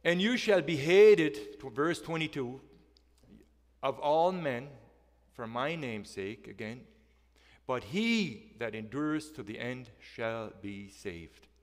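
A man's voice: medium pitch, animated, slow pace. Emphatic male preacher in a reverberant hall. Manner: emphatic, asks the congregation questions; swings between loud and soft delivery. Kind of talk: sermon. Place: church hall. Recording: long reverb of a church hall.

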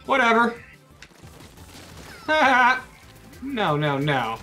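A young man giving loud, excitable gameplay commentary, swearing and trash-talking his opponents. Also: sits high, slow, long pauses, soft background music. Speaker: gaming YouTuber.

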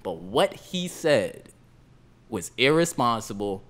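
A man's voice: medium pitch, sing-song, slow. Man arguing hard on a sports podcast. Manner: emphatic, argues his point forcefully. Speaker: podcast co-host. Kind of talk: casual sports debate.

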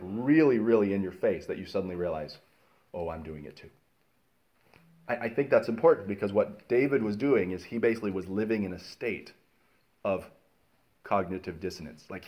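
A man teaching a casual Bible study, telling stories in an animated way with many fillers and restarts. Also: lowish voice.

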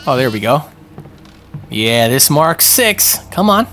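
A young man giving live commentary on a multiplayer game, excitable and panicky, yelping and throwing in a lot of slang. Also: mid-range voice, slow pace. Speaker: gaming streamer.

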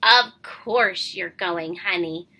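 A woman's voice: lowish voice, slow pace, voice pushed down, full character voice. A woman voicing a patient husband in a storybook who coaxes and then firmly insists. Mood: coaxing. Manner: coaxing, gently firm. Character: patient cheerful husband, coaxing and firm.

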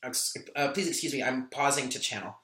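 A man's voice: medium pitch, a little fast, sharp tone, echoey room. A man giving a tarot reading in a vlog, talking candidly and with emotion, swearing now and then. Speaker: tarot reader.

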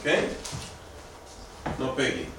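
A man's voice: slow pace, far from the mic. A man teaching a language class, patiently drilling words aloud and quizzing his students. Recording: echoey classroom recorded from afar, background noise.

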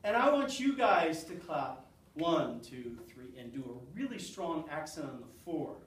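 A man's voice: on the high side, big pitch swings, measured pace, distant mic, a little hiss or hum. A man lecturing a college class on rhythm, counting beats aloud and quizzing his students. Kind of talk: classroom lecture with clapping exercises. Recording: roomy classroom sound from off-mic.

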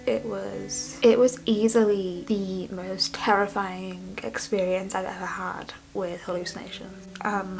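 A young woman, speaking candidly and rambling in a personal vlog from her student flat bedroom. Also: mid-range voice, low-quality recording. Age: young adult. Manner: candid, rambling, restarts often. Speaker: vlogger.

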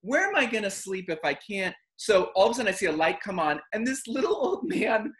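Animated man telling a travel story. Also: high voice, brisk. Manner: animated, acts out quotes and voices. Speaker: host. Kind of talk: casual storytelling chat.

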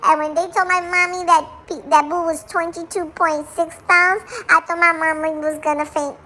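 A woman's voice: flat delivery, normal speed, a little hiss or hum. A woman voicing a small, jealous, dramatic female chihuahua who chats away and switches between English and Spanish. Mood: complaining. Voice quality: very high, bright dog voice.

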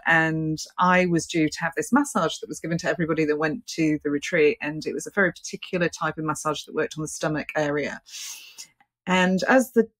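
A middle-aged English woman, a psychic medium, telling her story in an interview with lots of laughter and quick restarts. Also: low-pitched, fairly bright tone, dry recording. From England.

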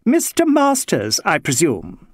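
A man playing a cool, brisk Englishwoman doctor with a crisp English accent and a curt, sardonic manner. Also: low voice, very animated, no room sound, clean studio sound, pitched above the performer's own voice. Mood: mocking.

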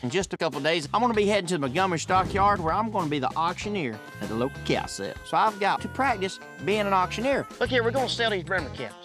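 A man with a Southern US accent, a cowboy chatting and giving interview asides in a folksy, lively way. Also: sits high, fast talker, hardly any pauses. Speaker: cowboy and cattle business partner. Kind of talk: reality TV conversation and interview. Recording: music playing under speech.

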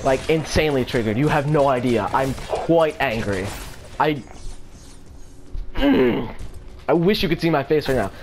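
A man giving live commentary on his own gameplay, excitable, swearing often and repeating phrases in quick bursts. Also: medium pitch, faint music behind. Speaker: gamer. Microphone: home setup without face cam.

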